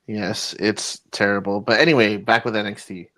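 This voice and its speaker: A man's voice: fairly low pitch, steady tone, moderate pace, bright, forceful tone. A man co-hosting a podcast, chatting casually, blunt and eager in his reactions and swearing freely. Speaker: podcast co-host. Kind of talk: casual chat.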